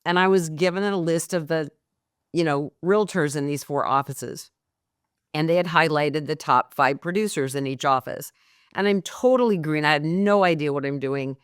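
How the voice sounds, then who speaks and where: Animated woman telling a candid story. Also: low-pitched, normal speed, smooth, dry recording, studio quality. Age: middle-aged. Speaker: guest, mortgage coach. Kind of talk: storytelling in a podcast interview.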